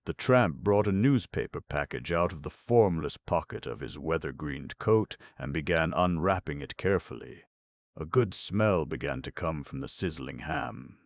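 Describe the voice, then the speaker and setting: A man narrating an audiobook in a steady, measured reading. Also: very deep voice, gravelly, no room sound.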